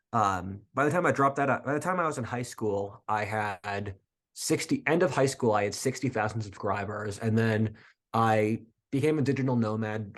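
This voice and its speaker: Low-voiced young man on long tangents. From area outside Philadelphia, USA. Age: 20s. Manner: rambling, earnest, long tangents. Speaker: guest, history podcaster. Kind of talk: casual interview talk.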